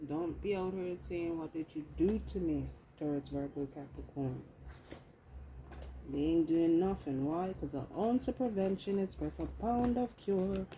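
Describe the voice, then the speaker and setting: An unhurried British woman with a warm voice on the low side reads tarot for a general audience, keeping it loose and chatty. She swears and talks to herself while handling the cards, and a little hiss or hum can be heard.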